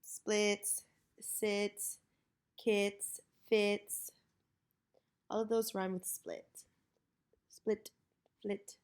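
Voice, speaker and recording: A woman teacher leading a children's reading lesson, modeling each word slowly and clearly. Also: mid-range voice, little pitch movement.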